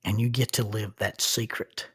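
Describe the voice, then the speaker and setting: A man in his sixties, a minister, hosting a reflective podcast in an earnest manner, dropping to soft near-whispers for emphasis. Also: fairly low pitch, flat delivery, normal speed, husky, no echo.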